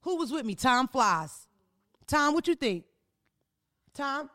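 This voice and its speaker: A woman hosting an advice podcast in a studio, telling stories in a loud, profane, animated way. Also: high-pitched, slow pace, no room sound. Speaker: podcast host giving advice. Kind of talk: casual comedic chat.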